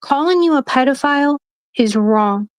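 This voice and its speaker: A woman with a fairly high voice speaks as a guest in a heated livestream chat. She talks emphatically in long, rambling runs, swearing freely. The sound is dry and close, with no room echo. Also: lively intonation, moderate pace.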